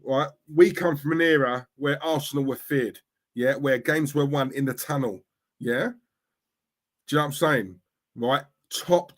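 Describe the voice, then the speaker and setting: Fired-up guy on a stream, middle-aged, keeps going "yeah? right?", fairly high voice. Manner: fired-up, repetitive, asks "yeah? right?" constantly. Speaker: streamer, football fan. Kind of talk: livestream rant reading chat.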